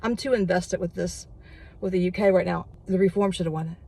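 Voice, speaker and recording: Solo vlogger, middle pitch, excitable rambling delivery. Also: a little fast, vocal fry, slightly rough. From United States. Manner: excitable, gets worked up, rambling. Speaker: prediction vlogger. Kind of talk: casual solo monologue.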